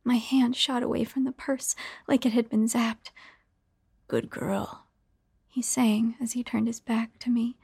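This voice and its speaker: A woman narrating a first-person horror story in a hushed, half-whispered delivery. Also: fairly high pitch, little pitch movement, normal speed, gravelly, breathy edge, no echo, studio quality.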